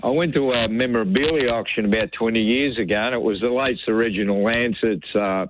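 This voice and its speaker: A man's voice: mid-range voice, a little fast, dry recording. An older man with an Australian accent, calling into a radio show and chatting casually, rambling with lots of "you know"s. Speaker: caller. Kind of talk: casual radio call-in chat. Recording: tinny phone line.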